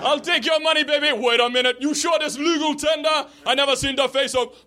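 A man voicing a loud, endlessly astonished cab driver with a put-on Jamaican accent. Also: extremely high pitch, steady tone, voice pushed up. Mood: excited rambling. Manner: shrieking, incredulous, drawn-out questions. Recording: live club recording, crowd noise.

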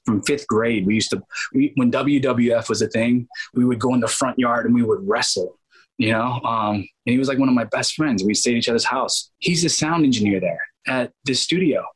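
A man's voice: mid-range voice, normal speed, husky, low-quality recording. A man guest on an interview, telling rambling stories in a casual way and acting out quoted dialogue. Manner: animated, acts out quoted dialogue; rambling with restarts and fillers. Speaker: guest actor.

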